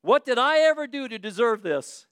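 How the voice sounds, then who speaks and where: A man's voice: extremely high pitch, very animated, moderate pace, fairly bright tone, clean tone, dry recording, studio quality, voice pushed up, full character voice. A man voicing Moses as an exasperated, weary leader complaining to God.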